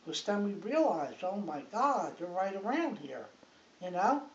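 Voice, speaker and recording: A woman's voice: medium pitch, very animated, a little slow. Older woman telling a rambling story. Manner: rambling, chatty, checks in with "right?" and "like". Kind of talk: casual storytelling. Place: living room, on a sofa. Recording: hissy, muffled home recording from a distance in an echoey room.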